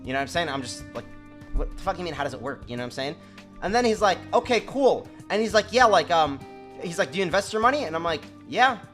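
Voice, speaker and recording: Fast, slangy storytelling for a stream: a young man swears freely, impersonates the people in his tale, and keeps repeating "you know what I'm saying." His voice is on the high side, fairly bright, and swings widely in pitch, with faint music in the background.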